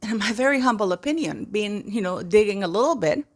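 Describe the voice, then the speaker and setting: A woman's voice: mid-range voice, expressive, fairly quick. A woman giving impassioned, indignant commentary to her viewers, often repeating phrases for emphasis. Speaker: commentary vlogger.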